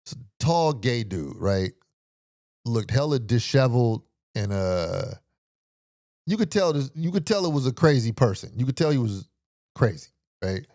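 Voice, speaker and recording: A man, hosting a podcast and telling a story in animated, profane style with vocal sound effects. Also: mid-range voice, moderate pace, dry recording, studio quality. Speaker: podcast host. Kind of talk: storytelling commentary.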